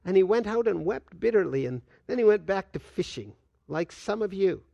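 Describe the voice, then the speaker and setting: An older man preaching a sermon as a pastor, swinging between loud and hushed delivery and acting out quoted dialogue. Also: high voice, animated, moderate pace, gravelly, dry recording, lo-fi sound. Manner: acts out dialogue with God in quoted voices.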